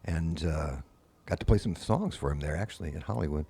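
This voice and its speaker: A man's voice: a bass voice, brisk, creaky, slightly rough. An older man, a guest musician, telling long anecdotes in casual conversation and acting out the people he quotes. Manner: anecdotal, animated quoted voices. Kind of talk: casual storytelling.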